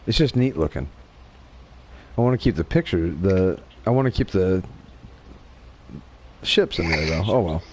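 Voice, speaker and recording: Man, slight southern accent, gaming stream host, low voice, animated pitch, joking. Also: measured pace, pauses often, slight background noise. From Wyoming, USA. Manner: chatty, joking, narrates gameplay as he goes. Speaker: livestream host. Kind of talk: casual gaming livestream chat.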